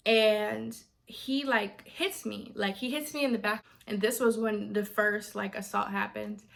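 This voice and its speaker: A young adult woman vlogger telling a story in a casual, animated way and acting out what others said. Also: medium pitch, a little slow, vocal fry. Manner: animated, quotes others in voices.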